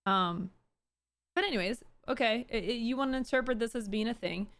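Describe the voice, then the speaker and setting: High-voiced chatty woman streamer. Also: a little fast, fairly bright tone, no echo. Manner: chatty, talks straight to her chat; stumbles and restarts words. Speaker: streamer commenting on news. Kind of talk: casual live-stream commentary.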